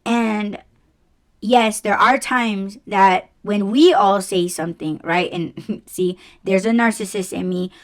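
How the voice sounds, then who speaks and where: A woman's voice: mid-range voice, slow. A woman hosting a solo podcast, talking bluntly and casually, swearing freely and using lots of fillers. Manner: conversational, with fillers like "like" and "you know". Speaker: podcast host.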